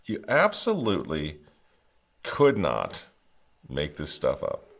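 A man's voice: a bass voice, wildly swooping pitch, takes it slowly, gravelly, a bit bright. A man hosting a political commentary show, fiery and sarcastic, with mocking chuckles.

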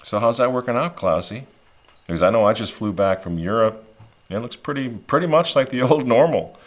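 A man hosting opinionated online commentary, animated and mocking, acting out the people he quotes. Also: medium pitch, fairly quick, a little hiss or hum. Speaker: commentary host.

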